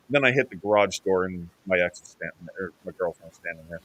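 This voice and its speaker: A man's voice: medium pitch, expressive, fast, hardly any pauses, sharp tone, dry recording. A man hosting a podcast, telling a story in a rambling, self-correcting way. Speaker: podcast host. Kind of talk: casual storytelling chat.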